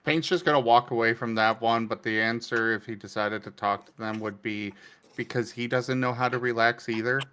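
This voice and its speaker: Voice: mid-range voice, steady tone, moderate pace, fairly bright tone, slight background noise. A player describing their character's actions in a tabletop role-playing game.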